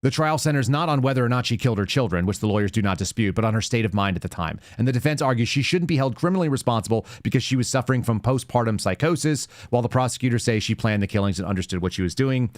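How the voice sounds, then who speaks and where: Guy hosting his own commentary show, blunt and fed up, rambly, mid pitch, dry close sound. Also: animated, rapid-fire, few pauses, no room sound. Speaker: show host.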